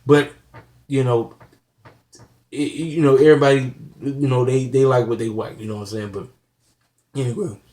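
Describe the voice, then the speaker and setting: A man's voice: medium pitch, fairly even intonation, normal speed, pauses often, darkish tone. A man hosting his own channel, talking earnestly and plainly to his viewers, circling back with "you know" and "like I said". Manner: plain-spoken, preachy. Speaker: channel host. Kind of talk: casual talk to camera.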